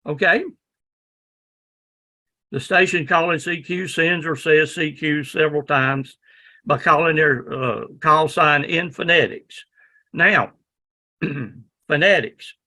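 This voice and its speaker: A man with a Southern drawl lectures a classroom in a loose, folksy manner, leaning on "okay?" to check that his students follow. His voice sits a little high and rings bright and forceful. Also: slow pace, long pauses. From Southern United States. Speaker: ham radio class instructor.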